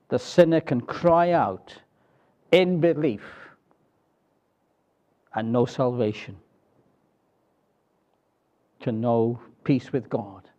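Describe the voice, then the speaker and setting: A man preaching a sermon in a deliberate, emphatic way, often closing points with rhetorical tag questions. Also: mid-range voice, dark tone, dull audio.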